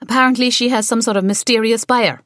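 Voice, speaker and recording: A woman reading the part of a young Irish woman who runs a family bistro, defiant and quick to retort. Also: fairly high pitch, fairly even intonation, fairly bright tone, no room sound, studio quality, pitched above the performer's own voice, natural voice. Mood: urgent.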